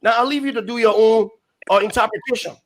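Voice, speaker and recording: High-pitched emphatic male panelist. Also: fast, slight background noise, low-quality recording. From Liberia. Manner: emphatic, reads quotes aloud, repeats phrases. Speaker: forum panelist. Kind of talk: impassioned political argument.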